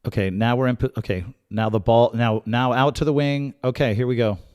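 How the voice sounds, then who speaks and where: A man hosting a live football watch-along in a mid-range voice. He talks through the match in a chatty, analytical way, repeating and restarting phrases as he thinks aloud. At big moments he breaks into loud, excited shouting. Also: medium pitch, brisk, clear, resonant tone. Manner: calm tactical analysis with sudden excited outbursts. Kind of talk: live fan match commentary.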